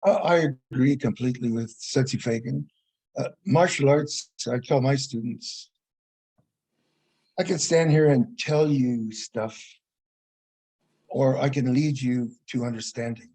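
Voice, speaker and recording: A man who teaches martial arts speaks as a guest, explaining his views in a measured, teacherly way. His voice is dark and mellow with a husky edge. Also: mid-range voice, low-quality recording. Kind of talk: casual interview chat.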